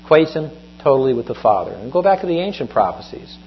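A man preaching a sermon, teaching through a Bible passage in a measured way and stressing key phrases. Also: medium pitch, sing-song. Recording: dull lo-fi with mains hum.

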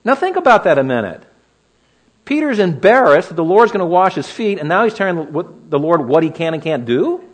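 A male preacher works through a passage verse by verse in an expository sermon. His delivery is animated, and his pitch rises and falls widely. He keeps asking the listeners rhetorical questions. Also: a little fast.

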